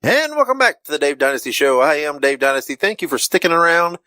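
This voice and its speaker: Host, halting plug read full of fillers, dry close sound. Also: male voice, on the high side, lively intonation, pushed and bright, no echo. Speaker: podcast host. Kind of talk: show outro and plugs.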